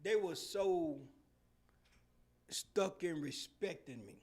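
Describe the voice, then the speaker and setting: Middle-aged male podcast host, high voice, laughs through his stories, loud and animated. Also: takes it slowly. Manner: laughs often while telling stories; Southern slang, animated and loud. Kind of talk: casual storytelling chat.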